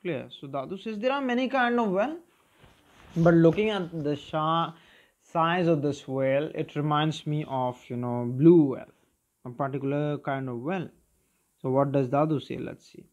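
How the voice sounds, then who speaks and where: A man, teaching a children's lesson, who keeps asking "okay?" and "clear?". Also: fairly high pitch, normal speed, a little mellow, dull audio. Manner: repetitive, checking understanding with "clear?" and "okay?". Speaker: English teacher. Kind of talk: recorded primary school lesson.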